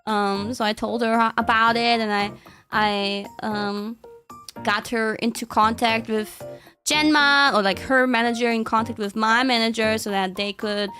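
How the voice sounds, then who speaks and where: A woman's voice: a little high, fairly even intonation, a little slow, pushed and bright, faint music behind. A young woman streamer in casual chat, rambling with lots of fillers and frequent giggles.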